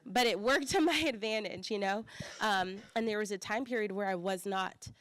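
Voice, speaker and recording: A young woman with a slight Southern accent giving a chatty conference talk as church staff, full of fillers and lively quoted voices. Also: medium pitch, moderate pace.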